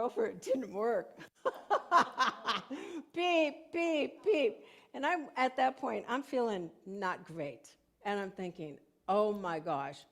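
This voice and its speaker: A woman's voice: medium pitch, darkish tone. An older woman minister giving a conversational sermon in a church sanctuary, telling stories and laughing often.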